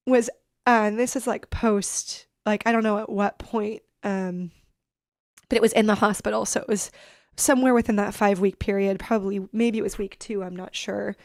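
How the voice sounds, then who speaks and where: A woman in her thirties, a podcast guest telling a personal story in an earnest, reflective, halting way. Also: mid-range voice, fairly even intonation, gravelly, a little mellow, no room sound, clean studio sound. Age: 30s.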